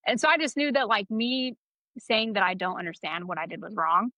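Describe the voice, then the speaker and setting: A woman's voice: medium pitch, a little fast, sharp tone, dry recording. A young adult woman co-hosting a podcast and telling a candid, profane story in casual chat. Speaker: podcast co-host. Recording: slightly dull, dry sound.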